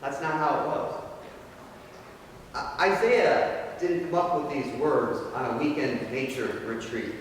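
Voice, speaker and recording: A male pastor preaching a conversational, storytelling sermon, his voice dropping in pitch and volume at the ends of phrases, in an echoey church hall from far off. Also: unhurried, a little hiss or hum. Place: church sanctuary.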